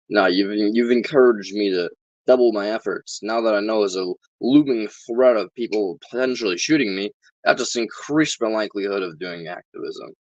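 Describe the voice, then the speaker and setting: A man talking casually to camera in a sarcastic, deadpan way, with plenty of swearing. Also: on the low side, moderate pace, no echo, dull audio. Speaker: vlogger.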